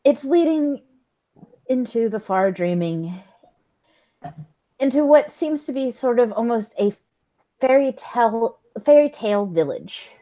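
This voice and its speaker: A woman's voice: on the high side, expressive, unhurried, long pauses, warm tone, low-quality recording. A woman running a tabletop role-playing game, narrating the scene in a laid-back way with many fillers and laughs. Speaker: game master.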